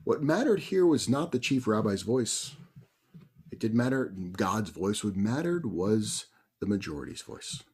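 Animated husky-voiced rabbi telling stories. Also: male voice, fairly low pitch, measured pace. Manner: animated, conversational storyteller. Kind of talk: sermon storytelling.

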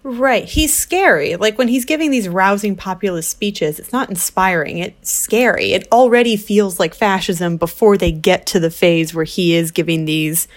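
A woman co-hosting a film podcast, with a wry, quick-witted manner of talking. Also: mid-range voice. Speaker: podcast co-host. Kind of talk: casual film-review chat.

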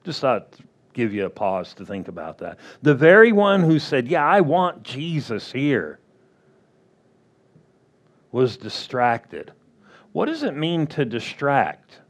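A man preaching a sermon as pastor, drawing out words and acting out quick playful quotes. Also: mid-range voice, very animated. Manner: slow, drawn-out delivery with playful acted-out quotes.

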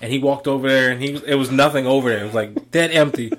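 A man's voice: mid-range voice, quick pace. A young man co-hosting a casual podcast, telling stories with plenty of laughter and swearing. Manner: animated storyteller, laughs often, swears freely. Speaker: podcast co-host.

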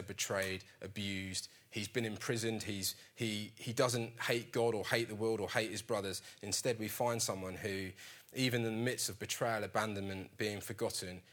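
A man's voice: fairly low pitch, a bit bright. A man preaching a sermon in an earnest, conversational storytelling manner.

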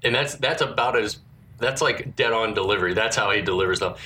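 Dude with a kinda low voice cracking dry jokes about a movie, bright tone, faint hiss. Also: male voice, brisk, poor audio. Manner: dry sarcastic asides. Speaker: podcast co-host. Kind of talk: casual movie recap chat.

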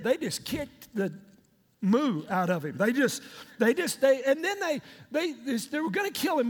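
A pastor preaching in a large church hall, with long reverb ringing after his words. His voice is very high and lively, bouncing up and down as he jokes and tells the story in slang. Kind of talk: sermon retelling a story.

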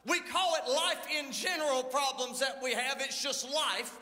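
A man's voice: extremely high pitch, moderate pace, pushed and bright, in a large hall, soft background music. A man preaching a sermon as lead pastor, telling folksy stories and reading scripture with drama. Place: church sanctuary.

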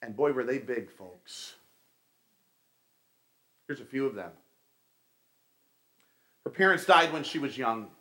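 A man's voice: mid-range voice, animated, moderate pace, long pauses, sharp tone. A middle-aged man giving a conversational sermon, telling stories and calling his listeners folks. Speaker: pastor.

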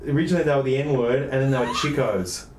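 A man's voice: medium pitch, fast, a little mellow, echoey room, a little hiss or hum. A man with an Australian accent, a comedian guest telling rambling, jokey stories in casual chat.

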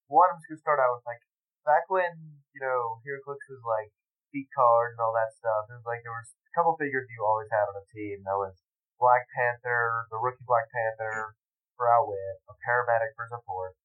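A man talks in a laid-back casual chat, easing into his stories with hesitant ums and a mid-pitched, everyday voice. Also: fairly even intonation, moderate pace, phone-quality sound. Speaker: podcast guest.

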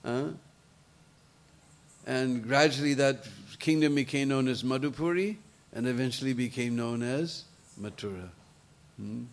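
A man telling a devotional story in an animated way, with chatty asides to his listeners. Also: medium pitch, measured pace.

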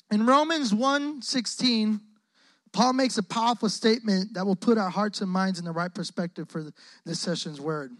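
A young man preaching a lively call-and-response sermon in a church hall, joking often and using lots of casual slang. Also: high-pitched. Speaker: guest preacher. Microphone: close microphone on the speaker.

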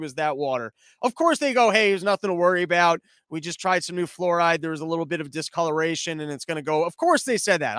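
A man's voice: high-pitched, fairly bright tone, clear, resonant tone, no echo, clean studio sound. A young man hosting a casual news commentary show, rambling with profane, sarcastic asides.

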